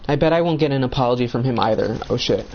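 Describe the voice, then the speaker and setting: Young man, blunt heated rant, lots of swearing, average pitch, dull lo-fi sound. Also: quick pace, creaky, a little mellow, slight background noise. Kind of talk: ranting while gaming.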